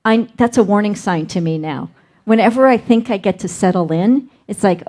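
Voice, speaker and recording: A woman's voice: medium pitch, moderate pace, mellow. A middle-aged woman minister delivering a sermon, telling a personal story and acting out her inner dialogue.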